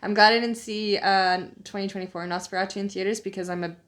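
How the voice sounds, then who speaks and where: A woman's voice: mid-range voice, steady tone, quick pace, fairly bright tone. Chatty giggling woman gaming. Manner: chatty, giggly, lots of filler words. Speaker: co-host. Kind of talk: casual chat while gaming.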